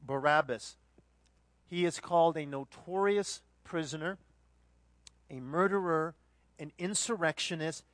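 A man preaching a sermon, moving between hushed reflection and loud, dramatic retelling of the scene. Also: a little high, unhurried, pauses often, no room sound. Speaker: pastor.

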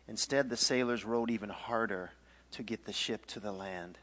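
This man speaks at a moderate pace in a lowish voice. He teaches a Bible story casually and playfully, animatedly acting out scenes and cracking jokes as he goes.

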